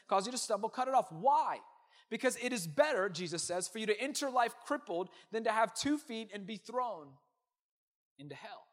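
A man preaching a sermon as pastor, emphatic, swinging from loud declarations to hushed asides. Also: high-pitched.

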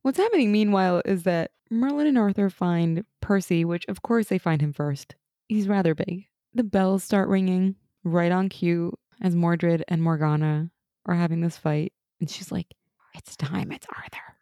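A young woman co-hosting a casual TV recap chat, animated and laughing as she acts out lines from the show. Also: fairly low pitch, moderate pace, dry recording, studio quality. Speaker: podcast co-host.

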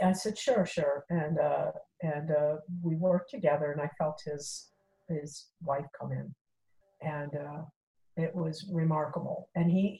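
Middle-aged woman, slightly low voice, casual storyteller who acts out dialogue. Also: low-quality recording. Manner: animated, acts out quoted dialogue, many fillers. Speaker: guest telling a personal story.

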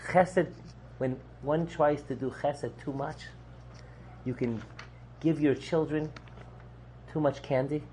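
A man, a rabbi, teaching a lively Torah class, posing rhetorical questions and answering them with jokes, his voice swinging from low and quiet to loud and high. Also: slow, pauses often, slight background noise.

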